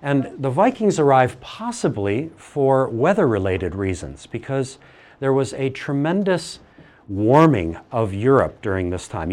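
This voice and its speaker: This is a middle-aged man's classroom lecture, delivered in a mid-range voice. He's lively and playfully teasing, throwing questions to the class throughout.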